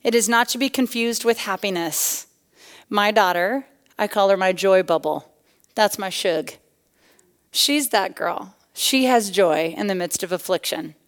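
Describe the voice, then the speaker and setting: A middle-aged woman giving a personal testimony sermon to a women's church gathering, animated and punchy, swinging between loud bursts and hushed asides. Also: medium pitch, unhurried. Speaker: guest speaker at a women's church tea.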